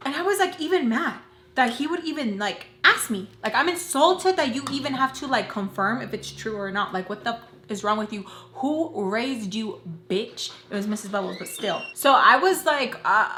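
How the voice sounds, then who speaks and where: A woman's voice: fairly high pitch, normal speed, a little hiss or hum. A young woman telling a dramatic story from her own life as a vlogger, in casual chat full of fillers, acting out the voices of the people in it. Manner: animated, lots of filler "like", quotes others in lively voices. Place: indoors at home doing makeup. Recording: echoey room.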